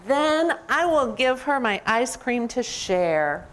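Brief: fretful, dithering picture-book elephant with a wide-swinging pitch, read by a woman. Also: very animated, takes it slowly, fairly bright tone, heavily acted, rough recording. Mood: hopeful. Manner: dithering, talks himself in and out of sharing. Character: excitable, fretful male cartoon elephant.

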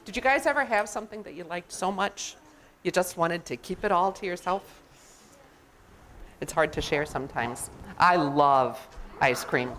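A woman who directs religious education, reading a picture book aloud to children in a congregation's worship space, gentle and animated. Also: fairly low pitch, moderate pace, slight background noise. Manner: gentle, animated storytelling to kids. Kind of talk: children's story time.

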